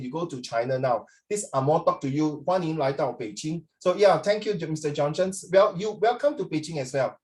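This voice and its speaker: A man's voice: on the high side, darkish tone. Chatty Singaporean male tutor. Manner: chatty, mixes English and Chinese, mimics accents. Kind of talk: casual lesson chat.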